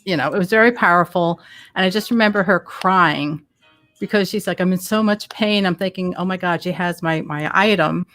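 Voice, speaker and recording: A woman's voice: fairly low pitch, a little fast, fairly bright tone, faint music behind. A woman co-hosting a casual chat, a medium talking earnestly and encouragingly. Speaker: co-host medium.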